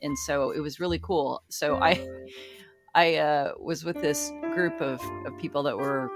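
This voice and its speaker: A woman with a notably low voice, talking casually and telling stories. She rambles cheerfully and laughs often between her points. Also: fairly even intonation, measured pace, music in the background. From California. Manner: chatty storyteller, laughs often. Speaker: show regular. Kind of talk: casual chat.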